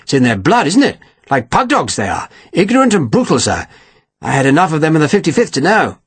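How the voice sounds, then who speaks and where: A man's voice: on the high side, wildly swooping pitch, brisk, slightly rough, exaggerated voice. A man voicing a stiff, pushy army captain who speaks in a clipped, officious, complaining way. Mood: aggrieved.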